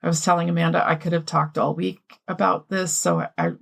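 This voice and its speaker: Low gravelly woman podcast storyteller. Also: level tone, a little fast, a bit bright. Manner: reads a prepared story, adds asides. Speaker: podcast co-host. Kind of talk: scripted history storytelling then casual chat.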